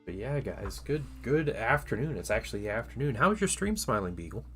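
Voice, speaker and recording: A man's voice: medium pitch, big pitch swings, brisk, fairly bright tone, faint music behind. A man hosting a casual livestream while he paints miniatures, rambling and chatty with lots of restarts, and tired today.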